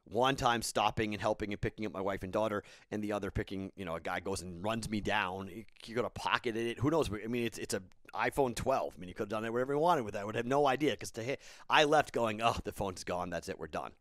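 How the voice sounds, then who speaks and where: A man's voice: fairly low pitch, fast, fairly bright tone, dry recording, studio quality. A man in his thirties, a podcast host, telling a casual rambling story and then giving betting picks, tired and self-correcting.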